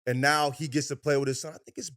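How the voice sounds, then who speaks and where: A man's voice: fairly high pitch, steady tone, quick pace, fairly bright tone. A man co-hosting a sports podcast, talking in a casual, profane, slang-heavy way. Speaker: podcast co-host.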